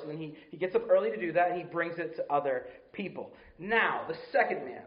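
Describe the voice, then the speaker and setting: A man's voice: sits high, roomy sound, lo-fi sound. A man preaching a sermon in an earnest, conversational way, often asking his listeners questions.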